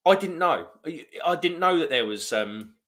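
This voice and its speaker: A man's voice: a little high, expressive, moderate pace, fairly bright tone. A man hosting a casual beer-review live stream, chatting in a rambling way and reading viewer comments aloud.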